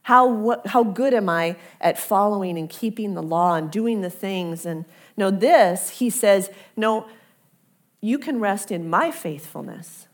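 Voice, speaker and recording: A woman pastor preaching a sermon in a conversational, earnest way, dropping softly to a near-whisper when she repeats the invitation. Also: medium pitch, lively intonation, unhurried.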